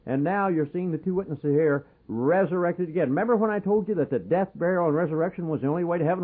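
A man preaching a fervent sermon on the radio, pleading and rising to loud exhortation, with a husky voice. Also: fairly high pitch, quick pace, few pauses. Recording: tinny phone-like radio broadcast.

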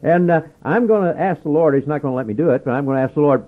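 A male preacher delivering a fervent sermon, swinging between loud urging and hushed asides. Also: on the high side, racing, hardly any pauses. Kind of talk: radio sermon. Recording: narrow lo-fi radio broadcast sound.

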